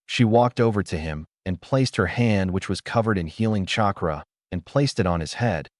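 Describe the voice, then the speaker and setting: A man narrating fan fiction in a steady storybook reading. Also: sits low, normal speed, no echo, clean studio sound.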